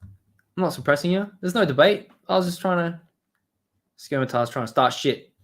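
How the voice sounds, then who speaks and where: A man's voice: on the high side, animated, normal speed, fairly bright tone. A man hosting a live stream, rambling and swearing as he reads and answers his chat. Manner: rambling, profane, talks to chat. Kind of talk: casual live-stream commentary.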